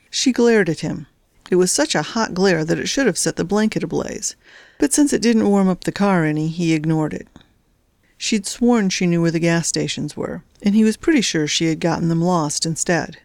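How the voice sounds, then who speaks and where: A woman reading a novel aloud as narrator, in a measured, even storytelling delivery. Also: on the low side, vocal fry, no room sound, studio quality. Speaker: audiobook narrator. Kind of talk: scripted narration.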